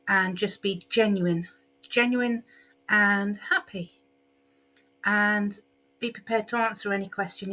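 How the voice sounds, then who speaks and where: A woman's voice: mid-range voice, fairly bright tone, slight background noise. Chatty woman telling her week. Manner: chatty and candid, many ums and repeats. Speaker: vlogger. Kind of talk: casual diary-style vlog.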